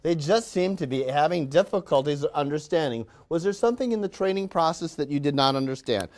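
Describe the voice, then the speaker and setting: A man's voice: on the high side, lively intonation, a little fast, a little mellow, close to an everyday voice. Man playing a pompous, cheery factory boss. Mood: scolding. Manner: falsely cheerful, condescending and scolding. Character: pompous, patronizing male factory manager. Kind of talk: classroom role-play demonstration.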